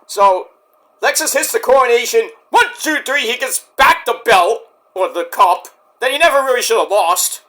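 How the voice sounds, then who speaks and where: A man with a high, bright voice tears through a wrestling show review. He talks sarcastically and swears often, mocking the people he discusses. His pitch swings widely as he rants. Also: animated, normal speed. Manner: sarcastic, profane, mocks wrestlers in put-on voices. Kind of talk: casual solo review rant.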